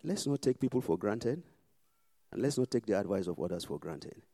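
Male pastor preaching, mellow tone, dry close sound, repeats lines hard then goes quiet for prayer. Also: lowish voice, lively intonation, moderate pace, no room sound. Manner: emphatic, repetitive, swings between loud exhortation and hushed prayer.

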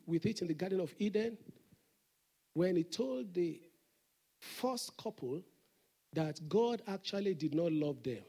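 Fervent, gravelly-voiced male pastor preaching. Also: high voice. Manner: call-and-response preaching, rising to fervent shouts. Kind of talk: sermon. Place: church.

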